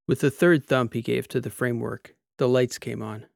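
A man reading a sci-fi short story as narrator, in a measured, steady way. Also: mid-range voice, gravelly, no room sound, clean studio sound. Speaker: audiobook narrator. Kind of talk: scripted narration.

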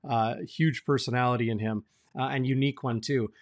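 A man's voice: mid-range voice, fairly even intonation, a little fast, crowd noise. A man who hosts a sports show and asks long, winding interview questions. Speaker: sports reporter, host.

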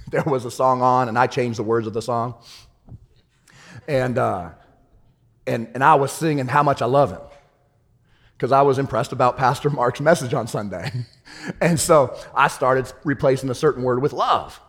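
A man preaching a sermon, swinging from loud triumphant shouts to hushed, laughing storytelling. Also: medium pitch, big-room sound. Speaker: pastor.

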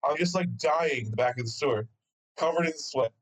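A man's voice: fairly high pitch, moderate pace, poor audio. A young man co-hosting a podcast, telling a story in casual chat with swearing and frequent laughs. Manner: animated, swearing, laughs often. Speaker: podcast co-host.

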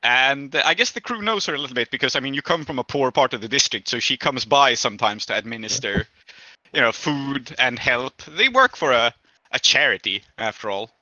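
A man's voice: mid-range voice, lively intonation, a little fast, bright, forceful tone, no echo, highs cut off. A man narrating as game master of a tabletop game, casual and laughing, with many fillers.

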